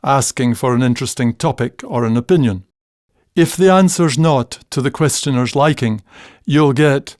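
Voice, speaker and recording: A man's voice: medium pitch, moderate pace, darkish tone, no room sound. An older Scottish man with a Scottish accent, hosting a reflective podcast monologue in a dry, wry storytelling manner that savors dialect words. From Scotland. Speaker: podcast host.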